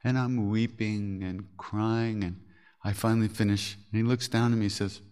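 A man's voice: on the low side, steady tone, moderate pace, a little mellow, smooth. An older man hosting a podcast, telling spiritual stories candidly, laughing often and swearing casually. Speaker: podcast host. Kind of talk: reflective spiritual storytelling.

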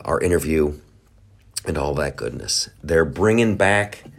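A man hosting a podcast, riffing sarcastically through casual political commentary with quick mock voices. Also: extremely low pitch, gravelly. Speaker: podcast host.

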